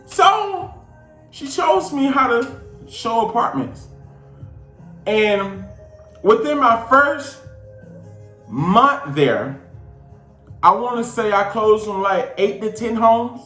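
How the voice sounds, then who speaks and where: A man from Georgia with a Southern accent, casually telling a personal story with lively, slangy delivery and big swings in his voice. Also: extremely high pitch, takes it slowly, long pauses, roomy sound, faint music behind. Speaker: show host.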